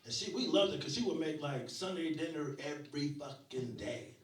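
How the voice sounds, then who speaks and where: A man's voice: a little high, animated, normal speed, very echoey, far from the mic, poor audio. A man in his forties doing a profane stand-up set, telling family stories and acting out the people in them. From Rochester, New York. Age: 40s. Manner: profane storytelling with acted-out quotes. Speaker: stand-up comedian. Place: small comedy club. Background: audience laughing.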